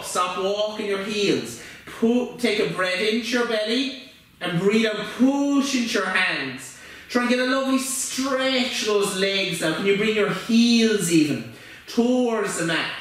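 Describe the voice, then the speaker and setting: A man's voice: sits high, far from the mic. Man guiding kids' yoga in an echoey room. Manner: gentle, encouraging, playful. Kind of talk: guided yoga instruction for children.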